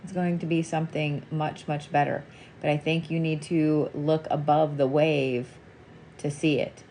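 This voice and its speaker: A woman's voice: deep voice, level tone, a little slow, dark tone, slight background noise. A woman giving a reiki and wax reading in a casual live chat. She swears freely, laughs often and reassures the listener by calling them sweetie.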